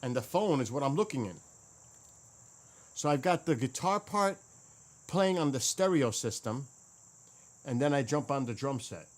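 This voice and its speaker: A man's voice: medium pitch, expressive, moderate pace, long pauses. A man in a casual chat, muttering to himself as he searches through old files and explains how he recorded his music. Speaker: gaming streamer and drummer.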